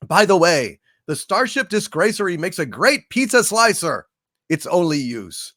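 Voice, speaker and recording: A man hosts a casual livestream, reading viewer messages and raising toasts. His pitch is fairly high and swings a lot as he talks. He halts often on fillers, and his close mic sounds dry. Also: big pitch swings, bright, forceful tone, no echo. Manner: halting, lots of uh fillers, toasting. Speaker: livestream host. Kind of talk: casual livestream chat reading super chats.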